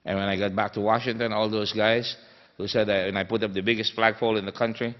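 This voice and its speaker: A man's voice: lowish voice, flat delivery, quick pace. A man from the Philippines, giving a conference talk that he tells as an emphatic story, with many fillers. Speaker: guest speaker. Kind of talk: anecdotal conference speech. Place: conference hall. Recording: dull sound in a reverberant hall.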